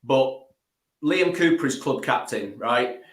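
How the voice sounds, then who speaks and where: A man with a mid-pitched voice talks football bluntly, swearing freely. The sound carries a fair amount of room echo. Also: animated, slow. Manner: blunt and sweary, reads viewer comments. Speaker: fan panellist. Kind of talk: casual football fan chat.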